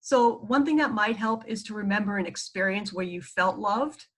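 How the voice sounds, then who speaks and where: A woman with a New York accent talks through a mindfulness lesson in a relaxed, conversational way. She fills her explanations with frequent "okay" check-ins and the odd "um", and her voice sits at a middle pitch for a woman. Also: normal speed, breathy edge, low-quality recording. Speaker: psychologist teaching mindfulness. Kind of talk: casual instructional talk.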